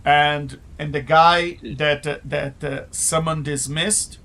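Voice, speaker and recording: A man running a tabletop game as game master, with a fairly high voice and an unhurried delivery. He narrates haltingly and fills his pauses with filler sounds. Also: steady tone, pushed and bright.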